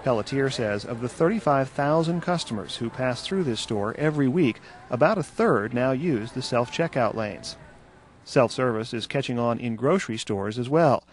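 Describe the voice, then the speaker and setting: A man reporting a radio news feature in a measured, scripted narration. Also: medium pitch. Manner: measured, even delivery.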